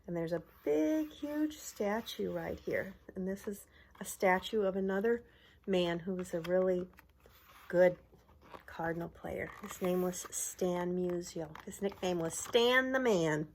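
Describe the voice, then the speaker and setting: A faint hiss or hum accompanies a middle-aged woman who runs a preschool as she reads a picture book to young children, a little slowly, in a fairly low voice. Holding up the pages, she asks questions and points at the pictures, and the cheering lines come out bright and exaggerated.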